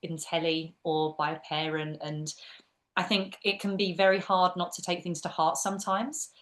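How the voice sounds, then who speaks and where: A woman's voice: fairly low pitch, moderate pace. A woman with an Essex accent, a drama teacher and actress, chatting as a guest in a podcast interview and acting out her students' lines. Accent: Essex English. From England. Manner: chatty and expressive, acts out quotes from students.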